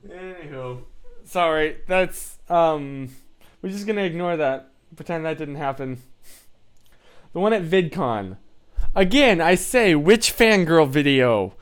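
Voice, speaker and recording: A man's voice: fairly high pitch, expressive, takes it slowly, clear, resonant tone. A young man hosting a casual livestream, chatting and reacting to viewer comments in a rambling way, full of tangents and fillers. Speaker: livestream host.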